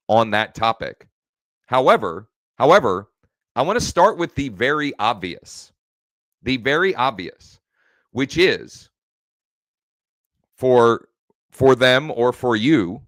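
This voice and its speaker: A man's voice: medium pitch, fairly bright tone, no room sound. A man hosting a casual live stream from home as a real estate coach, rambling and often correcting himself mid-sentence. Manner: rambling, self-correcting, restarts phrases.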